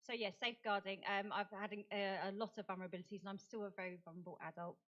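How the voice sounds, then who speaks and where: A woman's voice: medium pitch, fairly even intonation, racing, hardly any pauses, a bit bright, dull audio. A middle-aged woman giving a conference talk in a chatty, self-deprecating way, laughing often. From United Kingdom. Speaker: conference speaker and advocate. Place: conference venue.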